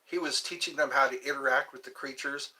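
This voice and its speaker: A man's voice: medium pitch, steady tone, a little fast, pushed and bright, slightly rough, rough recording. A man hosting a live stream, rambling casually and answering viewers' comments.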